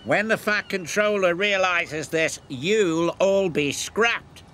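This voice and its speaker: A man voicing a grumpy, sneering diesel engine in a children's storybook show, drawing out his words slowly and scornfully. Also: sits high, slight background noise, pitched above the performer's own voice, full character voice. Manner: sneering, drawn-out and slow. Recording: loud background music.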